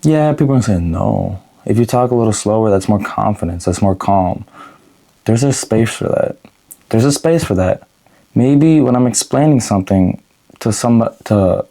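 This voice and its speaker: A young man talks straight to camera in a raw, unedited video diary, at a middling pitch. He is blunt and swears freely. His pace keeps shifting as he rambles, and he often stops himself mid-sentence to start over. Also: dark tone. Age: young adult. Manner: frequent restarts and self-corrections. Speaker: vlogger. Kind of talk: unedited vlog monologue.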